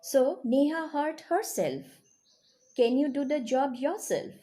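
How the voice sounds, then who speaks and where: A woman's voice: high voice, slow, dark tone. A woman teaching a grammar lesson to children, explaining patiently and checking in with questions. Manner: explains patiently, checks in with rising "yes?" and "okay?".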